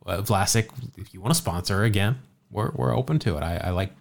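A man's voice: lowish voice, brisk, vocal fry, a little hiss or hum. A man co-hosting a casual podcast, telling a jokey baseball story, often stumbling and repeating words.

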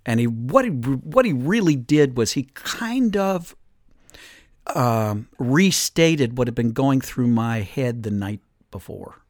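This is an older man in his sixties telling a story on a podcast, rambling casually and stopping often on fillers. His voice sits at an ordinary middle pitch. It is recorded dry and close, with no room sound. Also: sing-song, takes it slowly, darkish tone, no room sound. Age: 60s. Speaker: podcast host.

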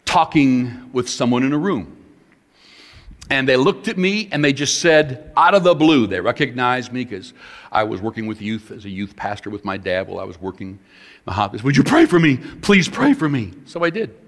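Middle-aged man preaching with lively pitch. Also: moderate pace, long pauses. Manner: animated storytelling, emphatic. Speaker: pastor. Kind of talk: sermon. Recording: long hall reverb.

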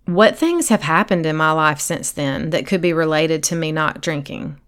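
A woman's voice: deep voice, moderate pace, a bit bright, clear, resonant tone. A woman hosts a faith-based coaching podcast in an earnest, encouraging voice. She talks directly to one listener, now and then acting out that listener's inner thoughts as quotes. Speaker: podcast host and sobriety coach.

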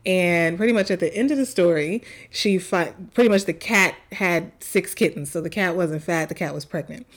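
A woman's voice: on the low side, moderate pace, few pauses. A woman in her thirties co-hosting a casual podcast, chatting and laughing easily as she tells stories about her children. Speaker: podcast co-host. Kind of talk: casual chat.

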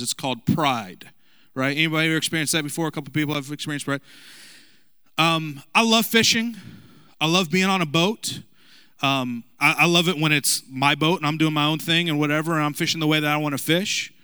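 A man's voice: on the high side, bright, forceful tone, clean tone, dry recording. A man in his thirties, a pastor giving a casual, joking sermon with asides to the congregation. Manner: conversational, jokey preaching with asides to the congregation.

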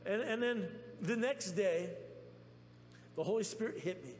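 A man preaching a testimony sermon in a church, telling his story excitedly with many restarts. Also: high voice, measured pace. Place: church sanctuary. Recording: long reverb in a church with faint hum.

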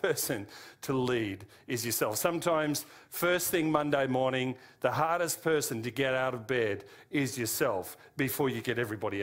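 Casual Australian male preacher. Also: medium pitch. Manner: informal, with frequent fillers and self-corrections. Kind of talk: sermon teaching.

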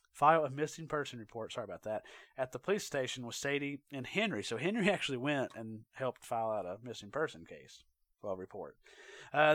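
A man at a middle pitch tells a true crime case in a loose, conversational way, peppered with "uh" and "you know" and quick self-corrections. His voice is close and dry, with almost no room sound, and it drops quieter when he adds his own opinion. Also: no room sound. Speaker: true crime podcast host. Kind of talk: casual true crime narration.

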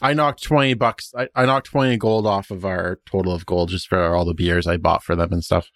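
Low male player, rambling and eager, dry close sound. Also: steady tone, a little fast, fairly bright tone, no echo. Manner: rambling, many restarts, enthusiastic. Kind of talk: casual chat about a tabletop game.

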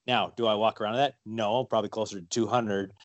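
A man's voice: on the low side, fairly even intonation, fairly quick, no echo, highs cut off. A man chatting casually on a podcast, rambling with lots of fillers and restarts. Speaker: guest, fighter and wrestler.

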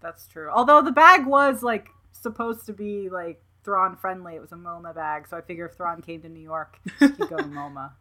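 A woman's voice: on the low side, normal speed, hardly any pauses, bright, forceful tone. A woman chatting casually, blunt and playful, swearing freely. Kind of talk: casual chat.

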